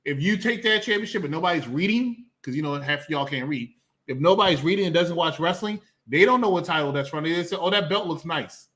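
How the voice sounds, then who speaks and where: A man co-hosts a casual wrestling podcast. His voice is a little high and very bright. He talks emphatically, in a ranting way, laughing now and then. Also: expressive, fast. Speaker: podcast co-host.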